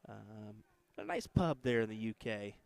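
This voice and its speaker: A man's voice: lowish voice, expressive, unhurried, gravelly, a little mellow, no echo. A man with an American accent hosting casual live-stream darts commentary, chatting with viewers between matches. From United States.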